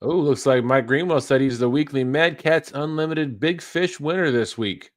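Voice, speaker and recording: On the high side in pitch and moving at a moderate pace, this man is heard in a dry recording. He co-hosts a fishing livestream, casually reading viewer comments aloud and laughing between them.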